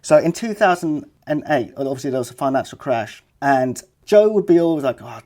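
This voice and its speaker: A man's voice: fairly high pitch, lively intonation, fairly quick, mellow. A middle-aged man with a London accent, a podcast guest chatting loosely and acting out the people in his stories. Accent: London English. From England. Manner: chatty, rambling, full of "like" and "you know what I mean". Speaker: guest, skateboard filmmaker. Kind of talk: casual podcast storytelling.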